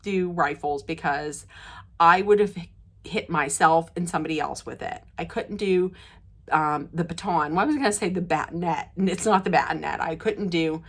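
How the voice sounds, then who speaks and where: Speaking at a moderate pace, a woman vlogger casually shares stories with her camera, laughing frequently. Her voice leaps up high and loud whenever excitement takes over.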